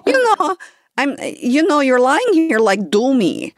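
A woman's voice: sits high, sing-song, unhurried, voice pushed up. A woman voicing a frank Brazilian woman masseuse with a put-on Brazilian accent, speaking emphatically. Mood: teasing. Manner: emphatic, teasing, laughing between lines.

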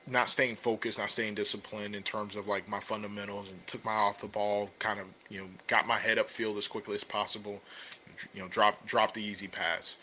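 A young adult man co-hosting a podcast, telling a personal story in a relaxed, conversational way with many fillers, and building energy when he makes his point. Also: fairly low pitch, a little fast, slight background noise. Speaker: podcast co-host and business coach. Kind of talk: casual podcast talk.

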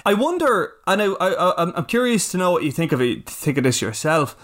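A man's voice: high-pitched, big pitch swings, fairly quick, fairly bright tone. A man, a radio presenter, musing aloud and rambling as he chats casually about a film.

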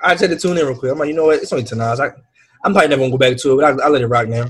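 A man's voice: mid-range voice, racing, crowd noise. A man hosting a podcast in casual, slangy chat, often repeating himself. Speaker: podcast host.

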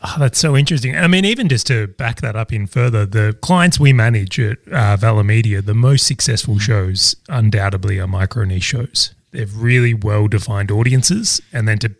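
A man's voice: fairly low pitch, normal speed, creaky, few pauses, dry recording, clean studio sound. A man hosting a podcast interview, reflecting on his guest's points and then asking follow-up questions. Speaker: podcast host. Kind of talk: casual interview chat.

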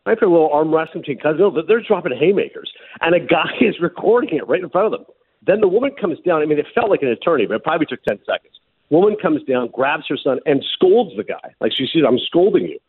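A man hosting a sports radio show, telling stories in a lively, laughing way. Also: a little high, fast, breathy edge, no room sound. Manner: animated storyteller, laughs often. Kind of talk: casual sports talk. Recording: muffled phone-like broadcast sound.

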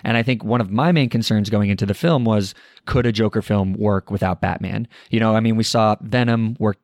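A man hosting a casual movie review chat, measured and thoughtful as he asks questions. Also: on the low side, no room sound, clean studio sound.

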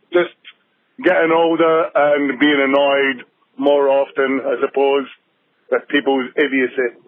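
A Scottish man rambles wryly through a voicemail while driving, peppering his talk with fillers. His voice sits high and unhurried. It comes through a tinny, dry phone line. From Scotland. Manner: rambling, wry, full of fillers. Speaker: caller leaving a voicemail. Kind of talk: casual phone message. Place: driving in a car.

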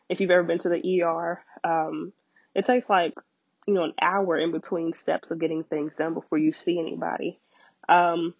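A woman, hosting a podcast and telling a personal story in an animated way, acting out quoted voices and getting emotional. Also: no echo, muffled recording. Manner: animated storyteller, acts out quoted voices with big pitch jumps, laughs often. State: emotional, near tears at times. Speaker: podcast host.

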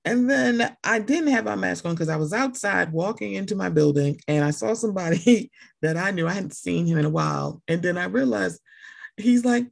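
A woman hosting a podcast in easy conversation, her voice husky with a gravelly edge. Her pitch swings widely as she reacts and plays out little quoted moments. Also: a little fast. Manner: animated, reacts often, acts out quotes.

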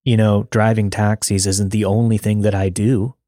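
A man voicing a strange taxi driver in a horror story podcast, speaking low, calm and softly menacing. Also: normal speed, no echo, clean studio sound, lightly acted. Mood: creepy calm. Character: strange middle-aged male taxi driver, calm and creepy.

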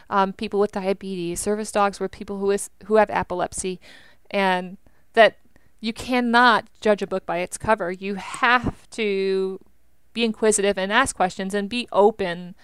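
A young American woman talks as an interview guest, chatty and animated, dropping plenty of "like". Her voice is very clear and smooth. It sits close and dry. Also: medium pitch, no room sound. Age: young adult. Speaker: veteran guest. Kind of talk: interview conversation.

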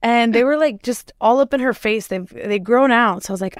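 A woman, chatting as a guest on a podcast in an animated way and laughing easily. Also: a little high, a little fast, no echo, studio quality. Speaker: guest, host's sister. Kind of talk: casual chat.

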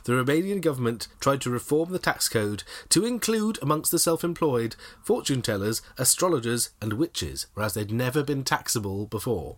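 A man's voice: mid-range voice, expressive, moderate pace, few pauses. A man co-hosting a comedy podcast, telling odd stories playfully and laughing often. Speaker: podcast co-host. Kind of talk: casual comedic chat.

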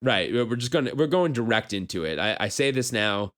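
A man in his thirties co-hosting a podcast, telling stories in a casual, animated way and laughing often. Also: medium pitch, brisk. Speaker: podcast co-host.

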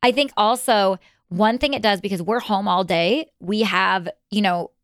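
An upbeat woman speaking as a podcast guest, with a middle-pitched voice. She sounds encouraging and agrees often, in a dry, close recording. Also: moderate pace, no room sound. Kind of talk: casual podcast chat.

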